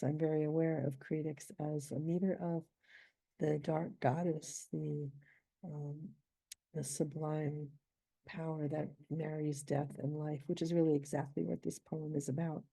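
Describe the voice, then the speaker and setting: A middle-aged woman poet, reading her poem slowly and then explaining its meter in a thoughtful, measured way. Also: low-pitched, flat delivery, vocal fry, mellow, husky, no echo.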